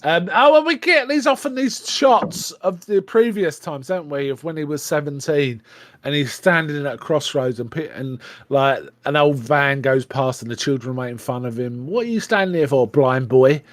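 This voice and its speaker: A man's voice: on the high side, normal speed, no room sound. Man casually retelling a film scene. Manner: animated retelling, acting out quoted lines. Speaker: podcast co-host.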